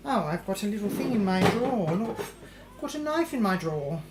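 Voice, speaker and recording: A woman's voice: medium pitch, sing-song, a little fast, reverberant, lightly acted. A woman playing a vain, posh English lady cooking in a home kitchen, with a put-on English accent. She talks theatrically and calls everyone darling. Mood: boastful. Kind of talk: live-streamed comedy cooking show in character.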